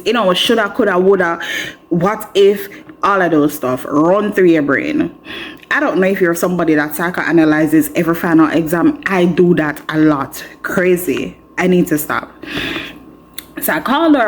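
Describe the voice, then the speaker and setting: A woman with a Jamaican accent, a law student vlogger telling candid stories to the camera in a chatty, expressive, frank and self-mocking way. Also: lowish voice, a little slow, a little hiss or hum.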